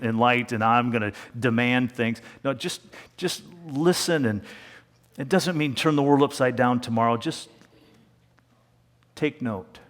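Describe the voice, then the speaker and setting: A man preaching a sermon as pastor, talking in a conversational way and slowing down to a hush for emphasis. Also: mid-range voice. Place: church sanctuary. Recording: long reverb of a church hall.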